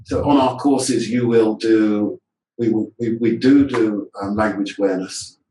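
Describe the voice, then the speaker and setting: A man's voice: on the low side, steady tone, a little slow, noisy background. Man lecturing in an echoey room. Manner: explains and drills words aloud, asks rhetorical questions. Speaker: teacher trainer. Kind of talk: webinar presentation. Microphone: video call. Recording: echoey room audio from a distance.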